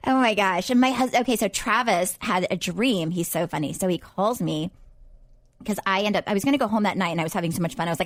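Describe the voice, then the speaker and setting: A woman's voice: medium pitch, fast talker, dry recording. A woman co-hosting a podcast, chatting and laughing through a gossipy story. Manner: chatty, laughing, lots of fillers. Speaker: podcast co-host. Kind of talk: casual chat.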